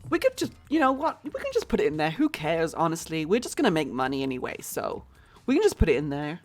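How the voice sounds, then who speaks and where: A woman's voice: low-pitched, wildly swooping pitch, fast talker, soft background music, heavily acted. Woman putting on a brash American store-owning mom. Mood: chatty. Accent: put-on American. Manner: playful, exaggerated role-play in a fake accent.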